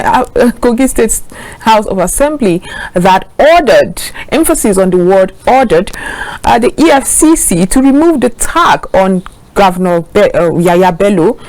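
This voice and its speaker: A woman's voice: medium pitch, a little mellow, dry recording, poor audio. A woman with a Nigerian accent anchoring a news show, giving earnest, questioning commentary with frequent fillers.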